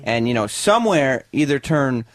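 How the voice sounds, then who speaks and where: Male radio regular, mid voice, relaxed storyteller, dry mic. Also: medium pitch, moderate pace, no echo. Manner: casual anecdotal storyteller.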